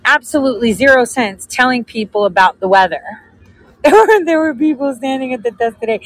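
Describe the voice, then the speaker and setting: A woman's voice: fairly high pitch, animated, brisk, dry recording, rough recording. A woman telling a story in a casual vlog, chatty and sarcastic, often laughing. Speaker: vlogger.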